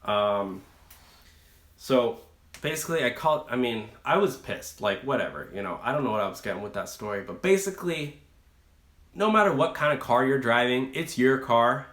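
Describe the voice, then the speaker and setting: In an echoey room, the young host of a rideshare channel chats on a live stream, meandering through a story with frequent fillers and restarts. His mid-range voice is sing-song and a bit bright, at a moderate pace.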